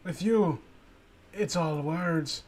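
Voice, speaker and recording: A man's voice: on the high side, darkish tone. A man voicing a cocky, cruel young male killer who drawls out his threats. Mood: menacing. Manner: taunting, drawn-out threats.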